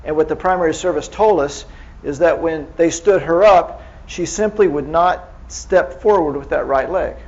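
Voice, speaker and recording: A man's voice: a little high, moderate pace, darkish tone, muffled recording. A man giving a conversational medical lecture as a neurohospitalist, quizzing the audience with frequent restarts.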